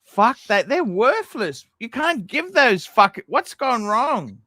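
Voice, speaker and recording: A blunt, profane middle-aged man chats casually on a livestream. His voice sits high for a man, and the sound is close and dry with no room around it. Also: very animated, takes it slowly, sharp tone, dry recording. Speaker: livestream host.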